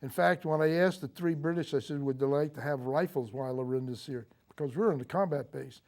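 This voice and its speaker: An older man, a Marine veteran, recounting his memories in a TV interview, speaking haltingly with frequent fillers and restarts. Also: fairly high pitch, darkish tone. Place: local TV studio.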